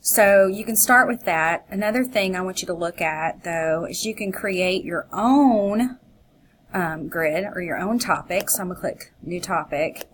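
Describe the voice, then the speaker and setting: A woman's voice: lowish voice, a little slow, a little hiss or hum, rough recording. Chatty woman teacher narrating a screencast. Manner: chatty, upbeat, thinks aloud while clicking. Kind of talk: screencast tutorial.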